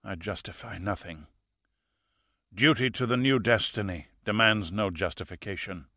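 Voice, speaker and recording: A man voicing a cold, fanatical male assassin with a faint European accent, speaking quietly and slowly as he fades. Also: on the low side, no echo, studio quality. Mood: cold, fading. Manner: quiet, hushed and slow, fading breath.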